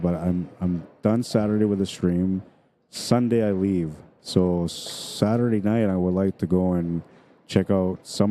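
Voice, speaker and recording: A man's voice: low-pitched, warm tone, slight background noise. A middle-aged man from Manitoba with a Canadian accent, rambling casually as a pool stream commentator and reading viewer comments aloud.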